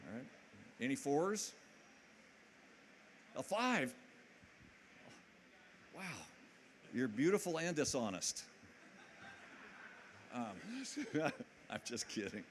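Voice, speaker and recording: A man's voice: mid-range voice, big pitch swings, slow, pauses often, slight background noise. A man giving a motivational conference talk to a live audience in a hall. He talks energetically, jokes and keeps asking the crowd questions. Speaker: conference speaker.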